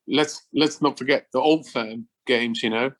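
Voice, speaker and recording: A man's voice: mid-range voice, unhurried, fairly bright tone. A middle-aged man, chatting as an interview guest, enthusiastic and repeating words as he goes. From Switzerland. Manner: enthusiastic, repeats words, non-native phrasing. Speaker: former footballer guest. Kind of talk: casual interview chat.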